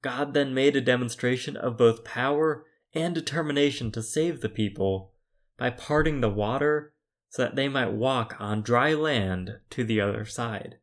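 A man with a medium-pitched voice preaches a sermon. He retells scripture in a deliberate, measured storytelling manner.

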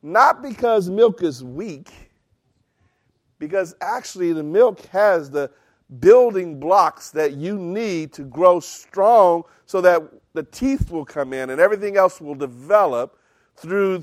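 A middle-aged man preaching a sermon as pastor, emphatic, swinging from loud bursts to hushed lines. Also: sits high, expressive, slow, no room sound, clean studio sound.

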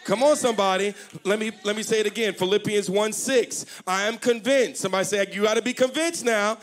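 Lively preaching male pastor. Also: sits high, a little fast. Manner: call-and-response, joking, rising to shouts. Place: church service before a congregation.

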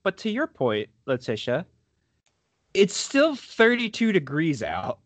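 Podcast host guy, kinda high voice, jokey, dry close mic. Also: wildly swooping pitch, dry recording. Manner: jokey, prone to quick put-on voices and laughter. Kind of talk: casual comedic podcast chat.

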